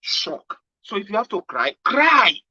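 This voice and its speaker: Nigerian man, animated monologue, fairly high voice, bright tone, dull lo-fi recording. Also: unhurried, husky, no room sound. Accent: Nigerian, with Pidgin. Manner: animated, swings from loud exclamations to low murmurs. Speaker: political commentary host. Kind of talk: casual motivational monologue. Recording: dull lo-fi sound.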